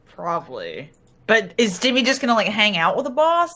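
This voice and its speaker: A woman's voice: mid-range voice, wildly swooping pitch, moderate pace, a bit bright. A woman playing a tabletop game, chiming in playfully. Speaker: player.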